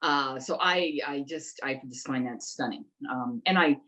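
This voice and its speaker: A woman investigative journalist in a conversational interview, talking in an animated, emphatic way and throwing in rhetorical questions. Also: very deep voice, a little slow, poor audio.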